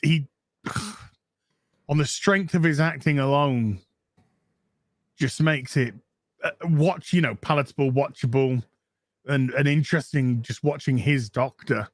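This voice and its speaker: A British man co-hosting a casual show, excitable and swearing often as he chats. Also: on the high side, unhurried, no room sound, studio quality. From United Kingdom. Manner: animated, excitable, swears often, laughs a lot. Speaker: podcast co-host. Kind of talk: casual chat.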